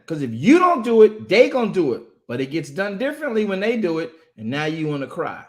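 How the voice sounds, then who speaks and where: A man's voice: sits high, wildly swooping pitch. A man who hosts and preaches on a talk show, emphatic and drawing out words to stress them. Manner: emphatic, drawn-out words for stress, quotes voices. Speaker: host and minister.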